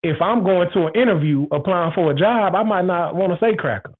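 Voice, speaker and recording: A man's voice: high-pitched, a little fast. A man hosting a show, talking frankly in a rambling, repetitive, emphatic casual monologue. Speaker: show host. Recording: tinny phone-like audio.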